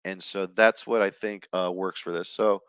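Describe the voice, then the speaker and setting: A man's voice: low voice, steady tone, normal speed, a bit bright, clean tone, dry recording. A man chatting loosely and enthusiastically on camera as a video reviewer, with plenty of fillers and restarts. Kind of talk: casual chat.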